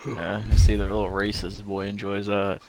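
A man's voice: on the low side, flat delivery, normal speed, a little mellow. A man co-hosting a casual podcast chat, teasing and needling the others. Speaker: podcast co-host.

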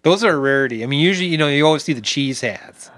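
A man's voice: on the high side, racing, dry recording. A man hosting a casual podcast chat, swearing and laughing as he jokes around. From Wisconsin. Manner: profane, laughing, animated storyteller. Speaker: podcast host.

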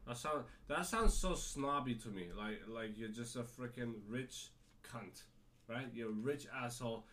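On his solo podcast, a man with a mostly British accent that now and then turns American speaks at a measured pace in an average male pitch. His casual monologue is excited and rambling, full of swearing and restarted sentences.

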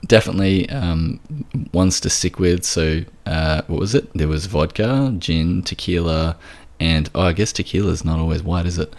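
A man's voice: deep voice, a little mellow. A man hosting a podcast interview, talking casually with frequent restarts and fillers. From Australia. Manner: halting, many restarts and fillers, laughs often. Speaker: podcast host.

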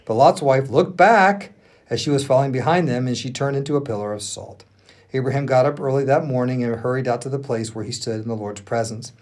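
A male pastor reading scripture aloud with earnest, expressive emphasis. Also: mid-range voice, brisk.

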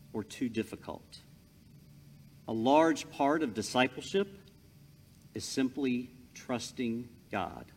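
A man preaching a sermon, telling stories with lively emphasis. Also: medium pitch. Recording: long hall reverb.

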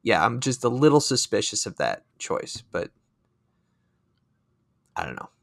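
A man's voice: lowish voice, big pitch swings, unhurried, vocal fry, a bit bright, no room sound, clean studio sound. A man co-hosting a casual podcast, giving hesitant opinions about a film. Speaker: podcast co-host. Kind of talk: casual movie discussion.

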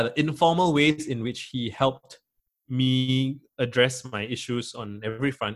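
A young man, talking as a guest in a casual interview, rambling with many fillers and restarts. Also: medium pitch.

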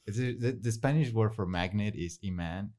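A man's voice: fairly low pitch, normal speed, background noise. A man co-hosting a podcast in casual chat, playful and riffing on jokes. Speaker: podcast co-host.

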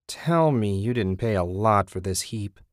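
A man's voice: lowish voice, lively intonation, a little slow, no echo, clean studio sound. A man reading the part of a married woman in an audiobook, giving her a sarcastic, needling edge. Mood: teasing. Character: wry, teasing married woman.

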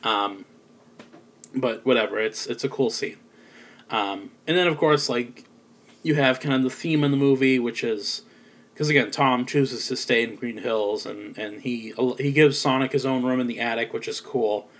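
A man's voice: medium pitch, normal speed. A man giving a casual spoken film review, rambling with lots of filler words and sounding a little sleepy. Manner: rambling, many ums and likes. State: sleepy, yawning.

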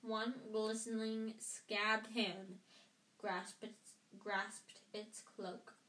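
A woman's voice: mid-range voice, level tone, very slow, sharp tone. Woman reading a book aloud in an echoey room. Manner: casual, stumbles and rereads lines. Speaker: audiobook reader. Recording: roomy echo.

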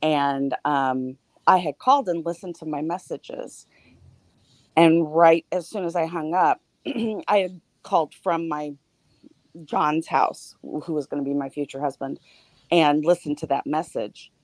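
A middle-aged woman with a deep, slightly mellow voice tells a personal story during a casual podcast panel conversation. She starts haltingly and uses fillers, and the recording is dry.

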